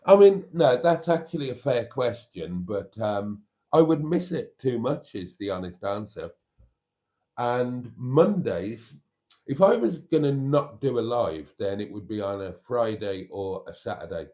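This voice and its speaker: A man's voice: mid-range voice, sing-song, measured pace, mellow. A man hosting a live stream, chatting in a rambling way and reading viewer comments aloud. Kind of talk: casual live-stream chat.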